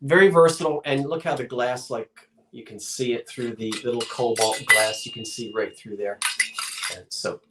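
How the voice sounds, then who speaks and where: A man's voice: medium pitch, fairly even intonation, normal speed, roomy sound, noisy background. A man hosting a live-streamed online auction, talking in a chatty, folksy way with rambling asides. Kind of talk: live-streamed sale, casual chat.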